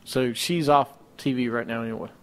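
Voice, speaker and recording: A man's voice: medium pitch, fairly even intonation, a little fast, a bit bright. A man co-hosting a casual wrestling talk show, rattling off match cards and ranting with mocking disbelief. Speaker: podcast co-host.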